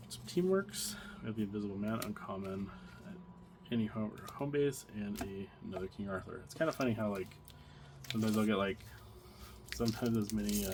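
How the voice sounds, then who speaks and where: Man, low voice, casual unboxing talk, hesitant with fillers, noisy recording, wrappers crinkling. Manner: thinking aloud, many fillers and restarts. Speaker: card collector opening packs. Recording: audible background noise, card crinkling.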